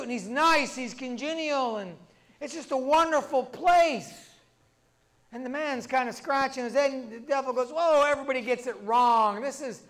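A man's voice: very high voice, a bit bright. A male pastor telling humorous stories in a sermon, in a conversational, chained storytelling manner. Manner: conversational storytelling, many "and" links.

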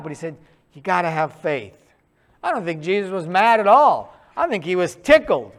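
A man preaching a sermon in a conversational, animated storytelling way, acting out quick asides. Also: high-pitched.

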